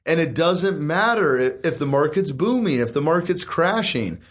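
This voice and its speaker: A man in his thirties with a somewhat high voice talks about investing in real estate. He is confident and emphatic and keeps asking rhetorical questions as he makes his case in a casual chat. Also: animated, moderate pace.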